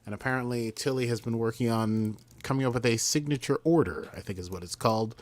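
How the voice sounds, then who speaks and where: A man's voice: medium pitch, fast talker, no room sound. A man co-hosting a podcast, chatting casually as he recaps a story and mimics the characters. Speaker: podcast co-host.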